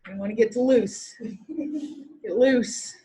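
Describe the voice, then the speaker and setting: A woman teaching a classroom lecture, lively, asking her students questions and answering them herself. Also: on the high side, slow pace, rough recording.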